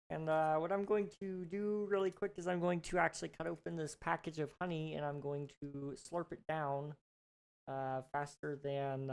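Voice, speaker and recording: A hoarse man doing a goofy impression of a cheerful male frog puppet with a high, nasal voice. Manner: goofy, slow, drawn-out impression with crude jokes. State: hoarse, losing his voice.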